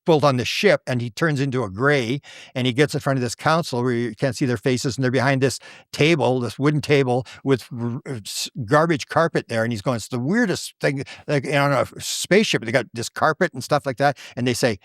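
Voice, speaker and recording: Fast-talking older man telling stories. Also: mid-range voice, no echo, studio quality. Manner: animated, acts out the voices in his stories. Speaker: guest researcher. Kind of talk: casual conversational storytelling.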